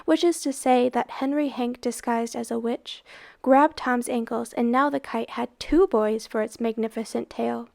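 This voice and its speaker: A woman reading a novel aloud in an expressive, dramatic narrating manner. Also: fairly high pitch, normal speed, creaky. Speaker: reader. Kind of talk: storybook read-aloud.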